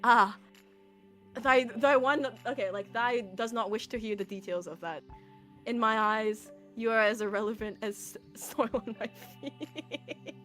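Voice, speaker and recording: A woman's voice: fairly high pitch, measured pace, pushed and bright, faint music behind. A woman doing a lofty archaic-speaking woman. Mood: dismissive. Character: aloof, formal woman who speaks in archaic terms.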